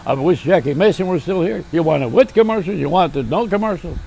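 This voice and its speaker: A man's voice: fairly high pitch, fast talker, vocal fry, a little mellow, a little hiss or hum. An older man hosting a rambling, self-mocking comedy monologue, chuckling at his own jokes. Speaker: host.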